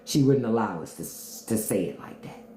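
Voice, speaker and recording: A low-voiced woman with a D.C. chats candidly on a livestream, her pitch swinging up and down as she talks. She laughs often and drops into imitations of how people speak in other cities. The room is echoey around her. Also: lively intonation, brisk, mellow, a little hiss or hum. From Washington, D.C. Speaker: podcast host on a livestream. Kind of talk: casual livestream chat answering viewers.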